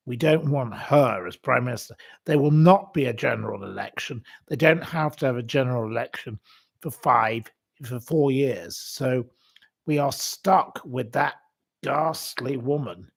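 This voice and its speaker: Slow, theatrical man ranting about politics. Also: mid-range voice, vocal fry. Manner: indignant and theatrical, swinging between loud outbursts and quiet asides; slow, drawn-out delivery with many fillers. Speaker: livestream host. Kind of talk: casual political rant to viewers.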